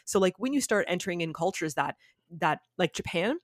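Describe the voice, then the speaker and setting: A woman's voice: lowish voice, a little fast, dry recording. Woman, podcast guest, casual storytelling, chatty, lots of "like", dry close-miked sound. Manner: animated storyteller, says "like" a lot. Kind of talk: casual chat.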